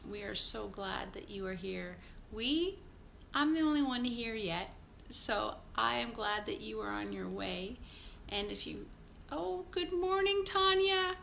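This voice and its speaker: A woman's voice: a little high, lively intonation, unhurried, gravelly, a bit bright, a little hiss or hum. A woman pastor leading a live-streamed morning devotional, chatty and upbeat as she greets viewers by name.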